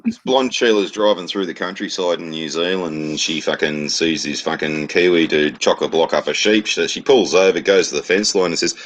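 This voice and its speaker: A man's voice: deep voice, brisk. An Australian man telling crude jokes and stories in a casual chat, with a laid-back, profane way of talking full of slang.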